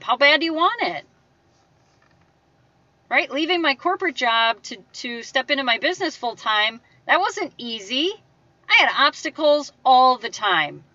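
A woman speaks in a bright, forceful voice, giving an emphatic motivational talk. She talks to the listener directly and acts out the voices she quotes. The sound is dry and slightly dull. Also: fairly high pitch, no echo, distant mic. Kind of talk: motivational monologue.

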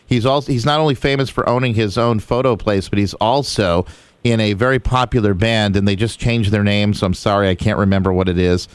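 A man from the station chats on air in a casual, somewhat rambling way. His voice is lowish, smooth and dry. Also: fairly even intonation, fairly quick, dry recording. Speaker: radio station staffer.

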